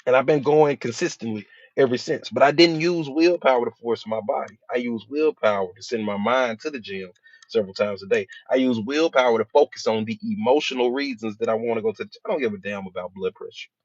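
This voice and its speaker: A mid-pitched man speaks as a hypnotherapist, in a casual, story-driven motivational talk full of acted-out quotes. The sound is dry and close, with a slightly dull, lo-fi tone. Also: a little fast, dry recording.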